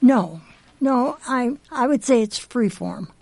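A woman's voice: a little high, animated, slow, creaky, a little mellow, no room sound. A woman, a guest poet, giving brief, offhand answers on a radio show.

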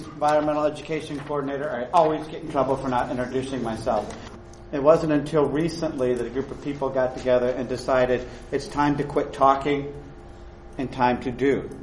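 A man's voice: medium pitch, a little fast. A man giving an informal welcome to a group outdoors as an education coordinator, a bit hesitant. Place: outdoors in a park. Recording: roomy field recording with faint ambient noise.

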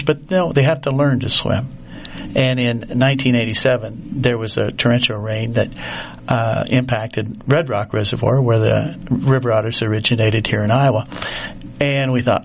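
Older male nature reporter, gravelly, folksy storyteller, studio chat. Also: mid-range voice. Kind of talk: casual radio chat. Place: radio studio.

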